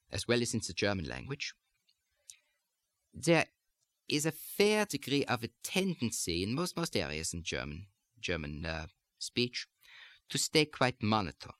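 A dialect coach, a man, talks through an accent lesson in a put-on German accent. His pitch moves lively around a mid-level voice, and the recording is close and dry. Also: no echo. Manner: precise, explanatory teaching delivery.

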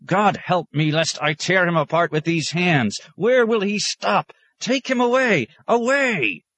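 A man's voice: animated, normal speed, fairly bright tone, lightly acted. A man voicing an aged, querulous male monk librarian who snaps and rants indignantly. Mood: furious. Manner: indignant, snapping, shrill outbursts.

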